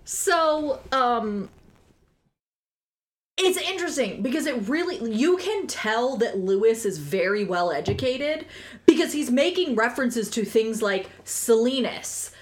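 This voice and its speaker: A woman's voice: on the high side, very animated, unhurried. A woman co-hosting a podcast in casual chat, wry and dry, explaining books with literary references. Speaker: podcast co-host.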